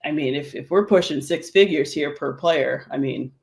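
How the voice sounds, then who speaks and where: Woman, former pro athlete, panel chat, low voice, emphatic and playful. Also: moderate pace, vocal fry. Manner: emphatic, punchy, jokey.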